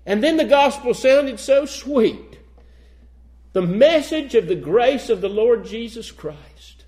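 A man's voice: extremely high pitch, expressive, slow, darkish tone. A man preaching a sermon, reading old-fashioned scripture aloud and then pressing his points with rising emphasis.

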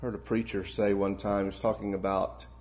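A man preaching a sermon, earnest and warm in delivery, building to emphatic peaks and then dropping soft and low. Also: level tone, a little fast.

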